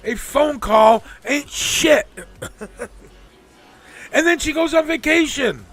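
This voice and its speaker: A man's voice: very high voice, expressive, takes it slowly, a bit bright, soft background music. A man hosting a live stream, venting angrily and profanely, mocking the people he quotes. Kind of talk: ranting casual talk.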